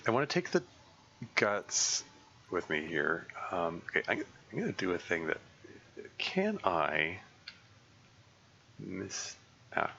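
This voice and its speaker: A man with a deep voice talks through his game plans as he streams, stopping, restarting and filling gaps with ums. The tone is bright and lively, swinging widely in pitch. The audio is a little dull and lo-fi, with faint game ambience and hiss underneath. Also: gravelly. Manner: halting, thinking aloud with many fillers and restarts. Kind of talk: casual live gameplay commentary.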